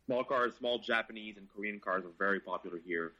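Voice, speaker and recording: A man's voice: lowish voice, fairly quick, sharp tone, lo-fi sound. A Canadian car reviewer, a man, chatting casually and with enthusiasm, swearing freely. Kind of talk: casual chat.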